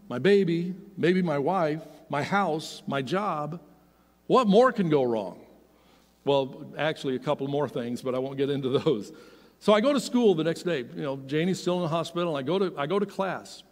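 A middle-aged man telling a personal story as a sermon, animated and swinging from loud to hushed. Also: on the high side. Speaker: pastor. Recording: long hall reverb.

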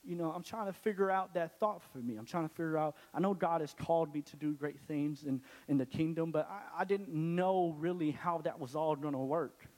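Young man, church testimony, casual and joking, slightly higher voice, long hall reverb. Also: fairly quick, hardly any pauses, a little mellow. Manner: casual, joking, many restarts. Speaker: church speaker giving testimony. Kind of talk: testimony to a congregation.

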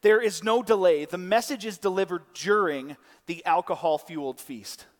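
A man's voice: high voice, moderate pace, big-room sound. A man preaching a conversational sermon, often restarting and adding side notes. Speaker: pastor. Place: church.

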